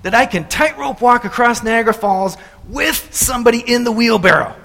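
A man voicing a daredevil showman who loudly challenges a crowd to believe in his stunts, with long hall reverb. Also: very high voice, normal speed, vocal fry, pitched above the performer's own voice, exaggerated voice. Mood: challenging. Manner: loud, rising, challenging questions.

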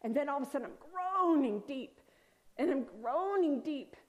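A woman with a fairly high voice tells a personal spiritual testimony in an earnest, rambling way. She restarts her sentences often and sometimes sinks into a soft, hushed near-whisper. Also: expressive, normal speed, highs cut off. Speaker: speaker sharing a faith testimony.

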